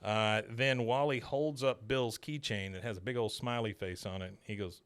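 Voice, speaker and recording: A man hosting a podcast, casually recapping an episode as an animated, rambling storyteller full of filler words. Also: lowish voice, moderate pace, clean tone, dry recording. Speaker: podcast host.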